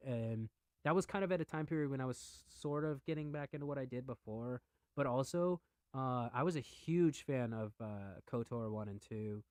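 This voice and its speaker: A young man rants casually on his podcast, cursing freely and veering between quiet mumbling and sudden loud outbursts. His voice sits at an ordinary middle pitch. The sound is dry and close, with almost no room around it. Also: no echo. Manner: profane, excitable, swings from mutters to shouting. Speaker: podcast host. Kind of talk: casual rant.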